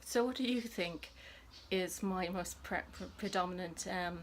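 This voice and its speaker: At home beside her shelves, a book vlogger chats casually about her books, rambling with many ums and restarts. She speaks unhurriedly in a lowish voice against a noisy background.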